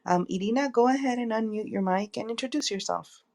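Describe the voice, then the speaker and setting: A woman's voice: a little high, fairly quick, gravelly, a little mellow. A woman who is a stress coach, co-hosting an audio chat room and inviting the audience to ask questions in a friendly, welcoming way. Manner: friendly, inviting, explaining the room's rules. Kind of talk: casual podcast hosting.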